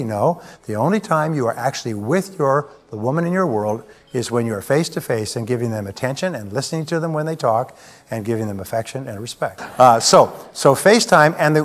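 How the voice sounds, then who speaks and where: A man giving a self-improvement lecture earnestly, repeating phrases for emphasis. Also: medium pitch. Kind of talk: recorded lecture.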